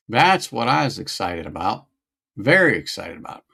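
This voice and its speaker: Man, middle-aged, gravelly voice, casual chatty livestream host, thinks out loud. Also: fairly low pitch, very animated, moderate pace. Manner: chatty, musing aloud, greets viewers. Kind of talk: casual whiskey-tasting livestream chat.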